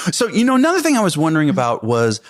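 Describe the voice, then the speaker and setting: A man hosting a podcast interview, friendly and a little halting as he repeats words while he poses his questions. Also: on the high side. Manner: friendly, hesitant, repeats words, laughs often. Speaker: podcast host. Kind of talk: casual interview chat.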